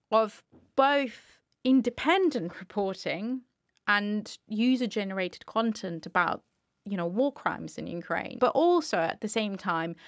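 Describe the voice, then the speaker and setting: A woman's voice: medium pitch, dry recording, clean studio sound. A woman speaking as a media analyst guest, answering emphatically and thinking aloud. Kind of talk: interview answers.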